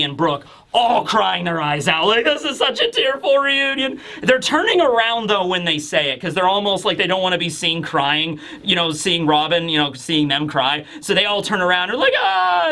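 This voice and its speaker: A man's voice: high-pitched, sharp tone. A man hosting a casual manga review, talking in a rambling, enthusiastic way. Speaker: host.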